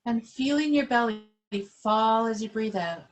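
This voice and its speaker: A woman yoga instructor leading a class over a webcam, giving calm, slow guided instructions. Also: a little high, low-quality recording.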